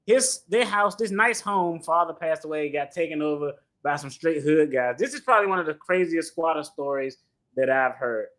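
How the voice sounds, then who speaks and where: A man hosting a reaction show, talking in an animated, slangy way and laughing often as he comments. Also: on the high side, normal speed. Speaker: attorney reaction host.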